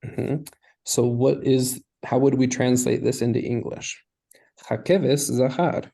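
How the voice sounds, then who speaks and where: A man teaching a Hebrew lesson, speaking at a slow, unhurried pace with a gravelly edge to his voice. He explains patiently and keeps checking in with his student through questions. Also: medium pitch, fairly even intonation, mellow. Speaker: Hebrew tutor. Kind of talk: online language lesson.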